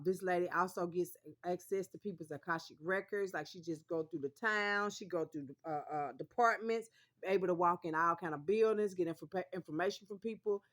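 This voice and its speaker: A woman from the American South, talking straight to her viewers in an emphatic, repetitive monologue that keeps calling them honey. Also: on the low side. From Mississippi, US South. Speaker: vlogger.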